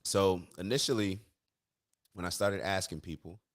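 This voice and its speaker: A man's voice: deep voice, moderate pace. A man hosting a live stream, talking casually and giving his opinions, often repeating and restarting his phrases.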